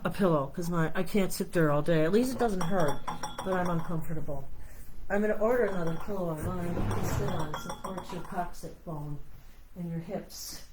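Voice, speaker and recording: A woman's voice: lowish voice, moderate pace, noisy background. Chatty woman rambling on a live stream. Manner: rambling, chatty, reads product labels aloud. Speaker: meditation host. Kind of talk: casual live-stream chat.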